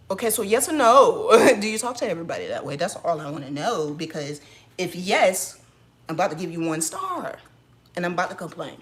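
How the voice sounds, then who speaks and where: A mom vlogger telling an animated, sassy story with frequent laughs in a casual chat at home. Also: female voice, lowish voice, moderate pace, slight background noise.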